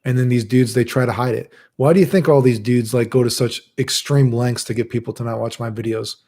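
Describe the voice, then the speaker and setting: A man's voice: medium pitch, fairly even intonation, fairly quick, mellow. A man hosting his channel, telling rambling, profane stories in a casual monologue and acting out what people said. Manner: profane, storytelling, acts out quotes. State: chronically ill. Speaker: channel host.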